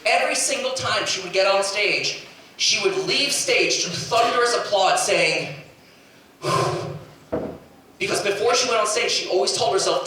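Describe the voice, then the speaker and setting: High-voiced man doing stand-up in an echoey hall. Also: measured pace. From New York. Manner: animated storytelling, rising to incredulous shouts. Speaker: stand-up comedian. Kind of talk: stand-up comedy set. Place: convention hall stage. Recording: echoey hall from far off, noisy. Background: crowd laughter.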